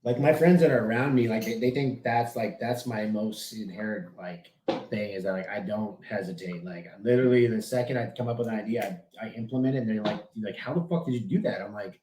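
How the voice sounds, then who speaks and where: A man's voice: fairly low pitch, brisk, warm tone. A man talking casually as a podcast guest, telling brash, profane, boastful stories. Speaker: podcast guest, business owner. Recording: echoey room with noise.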